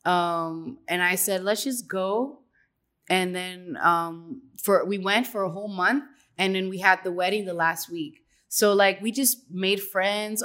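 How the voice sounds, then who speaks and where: A young woman guest in a casual interview, chatty and upbeat, laughing often and filling pauses with "um" and "like". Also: mid-range voice, a bit bright. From Dominican heritage. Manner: chatty, laughs often, many fillers and restarts.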